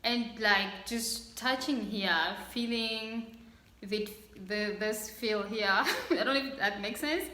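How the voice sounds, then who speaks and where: A bubbly young woman from Congo chats her way through an unboxing, gushing and laughing often. Her voice is bright and fairly high, and she talks slowly. She is recorded in an echoey room. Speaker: vlogger. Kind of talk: casual unboxing chat.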